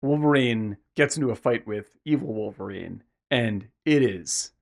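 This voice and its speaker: A man's voice: medium pitch, moderate pace, vocal fry. A man co-hosting a podcast, chatting casually about a film and acting out lines from it as he retells the story. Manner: animated, acts out characters' lines mid-story; swears casually. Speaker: podcast co-host.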